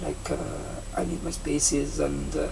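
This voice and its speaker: A young adult vlogger from Italy with an Italian accent, a native Italian speaker chatting casually in English, rambling and halting with many restarts and fillers. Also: medium pitch, level tone, creaky, dark tone. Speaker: vlogger, seasonal campsite entertainment worker. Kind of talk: casual vlog chat. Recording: distant mic with faint background noise.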